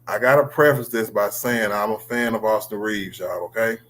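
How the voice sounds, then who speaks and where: A man's voice: lowish voice, normal speed, a bit bright, low-quality recording. A man hosting a casual sports livestream, talking loosely with slang and calling on guests by name. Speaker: livestream host.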